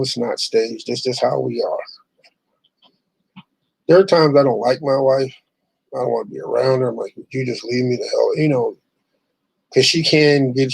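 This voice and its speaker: A man's voice: medium pitch, vocal fry, darkish tone, slightly rough, no room sound, rough recording. A middle-aged man hosting his own online show, ranting bluntly and profanely, rambling with restarts. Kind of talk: casual ranting monologue.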